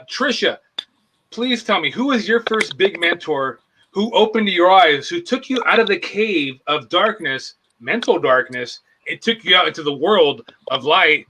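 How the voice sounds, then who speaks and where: Bright, slightly high guru host played by a man, pompous and rambling, improv comedy. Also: expressive, unhurried, a little hiss or hum, poor audio. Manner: pompous, rambling, mock-profound.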